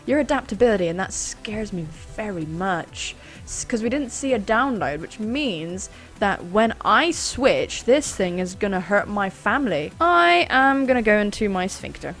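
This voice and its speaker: A woman's voice: medium pitch, moderate pace, hardly any pauses, soft background music. A woman hosting a gaming channel, chatting through a live battle in a self-deprecating way. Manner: chatty, self-deprecating, sudden excited screams.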